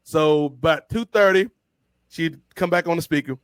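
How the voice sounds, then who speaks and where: A man co-hosting a podcast, telling stories in an animated, slangy way. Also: on the high side, moderate pace, smooth, no room sound. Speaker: podcast co-host. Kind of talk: casual storytelling chat.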